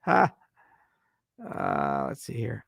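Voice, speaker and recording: A man hosting a casual livestream Q&A, reading viewer questions aloud and answering with wry, deadpan jokes. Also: mid-range voice, brisk, creaky, no room sound, studio quality.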